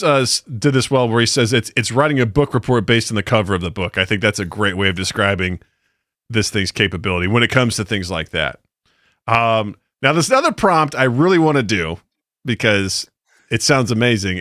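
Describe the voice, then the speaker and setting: Animated man chatting on a podcast. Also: on the low side, fairly quick, no echo, studio quality. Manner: laughing, animated storyteller. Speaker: podcast co-host. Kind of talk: casual chat.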